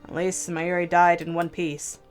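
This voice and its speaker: Let's-play host, a woman, low-pitched, slow measured visual-novel narration. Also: little pitch movement, soft background music. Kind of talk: reading a visual novel aloud.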